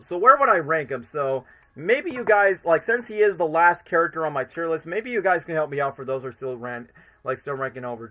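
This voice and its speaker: Young guy streaming, bright tense voice, rambly and excited, lots of likes. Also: medium pitch. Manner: rambling, enthusiastic, many fillers. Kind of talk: casual live-stream commentary.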